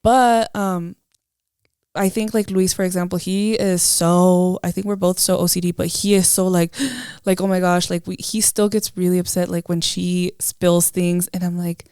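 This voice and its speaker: A woman's voice: on the low side, flat delivery, moderate pace, darkish tone, clear, resonant tone, no echo, clean studio sound. A woman co-hosting a podcast, chatting casually about being a mother and slipping into Spanish phrases mid-sentence. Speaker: podcast co-host; mother of a toddler. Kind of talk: casual chat.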